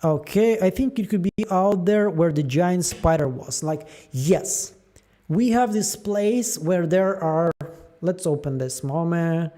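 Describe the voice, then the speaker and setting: High-voiced man musing over show theories. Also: takes it slowly. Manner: musing aloud, animated, trailing fillers. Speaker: show theory channel host. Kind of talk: casual theory breakdown.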